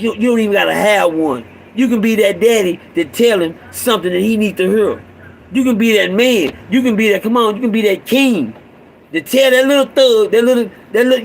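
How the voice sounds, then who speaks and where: A middle-aged man, a father speaking to other fathers, delivering an impassioned street-sermon monologue that repeats itself and swings between raised urging and a low growl. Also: slight background noise, poor audio.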